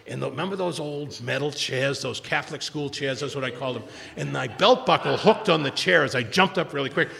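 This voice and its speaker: An older man telling his own story at a recovery meeting, emotional and animated, acting out what people said. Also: mid-range voice, a little fast, gravelly, hardly any pauses, in a large hall. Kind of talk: personal storytelling talk.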